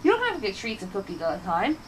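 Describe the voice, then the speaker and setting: A woman vlogging a casual dog training demonstration, chatty, breaking into high sing-song praise for her dogs. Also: wildly swooping pitch, racing, a little hiss or hum, poor audio.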